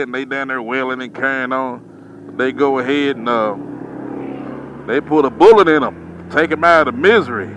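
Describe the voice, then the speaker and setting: A man's voice: medium pitch, a bit bright, slight background noise, low-quality recording. A man, a truck driver, telling a story in a casual, drawling way and acting out his own reactions.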